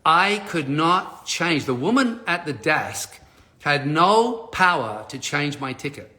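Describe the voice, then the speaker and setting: A man's voice: fairly high pitch, very animated, slow pace, sharp tone. A middle-aged man hosting a live stream, telling a personal story to his viewers and acting out the dialogue. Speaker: live stream host, speaker on change.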